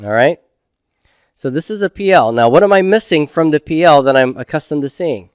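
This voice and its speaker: A man's voice: on the high side, a little fast, smooth, no room sound, clean studio sound. A middle-aged man teaching a recorded grammar lecture. He patiently asks questions and then answers them himself.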